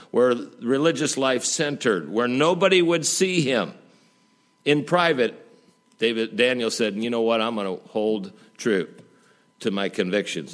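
Male pastor, mid-pitched voice, folksy conversational sermon, big swings between emphatic highs and hushed asides. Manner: conversational preaching with rhetorical questions and folksy jokes.

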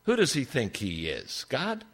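A man's voice: medium pitch, huge pitch swings, unhurried, breathy edge, voice pushed up, exaggerated voice. A man voicing a scornful male devil who mocks God while tempting a woman. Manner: mocking, scornful.

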